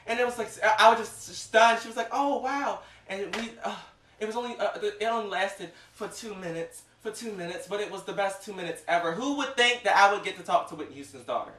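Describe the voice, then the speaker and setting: A man hosting his own vlog in a theatrical, gushing way, swinging from loud outbursts to near-whispers. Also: sits high, fast, distant mic. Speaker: vlog host. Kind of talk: excited vlog monologue. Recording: echoey room, voice set back from mic.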